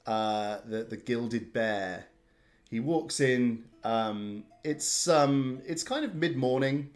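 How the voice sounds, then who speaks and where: A man running a tabletop game, narrating with frequent restarts and pauses. His voice is plain and mid-pitched, moving along at an easy pace. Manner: halting, many restarts. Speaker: game master.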